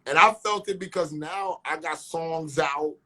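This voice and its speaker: High-voiced man from Queens telling stories. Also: a little slow. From South Jamaica, Queens, New York. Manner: animated storytelling, street slang, acts out dialogue. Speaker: guest, rapper and actor. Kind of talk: casual interview chat.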